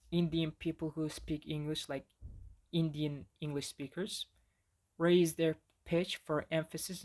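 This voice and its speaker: A man with a Turkish accent, a native Turkish speaker, giving a casual recorded lesson with frequent fillers and restarts. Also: a little high. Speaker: language teacher. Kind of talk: recorded lecture on pronunciation.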